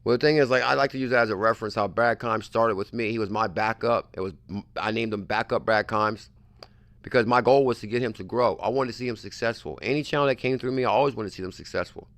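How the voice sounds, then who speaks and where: "I'm telling you," this man says again and again, pressing his point in a pushy, repetitive hype style while hosting a casual crypto livestream. His voice is fairly low and a bit bright, quick-paced, with no echo.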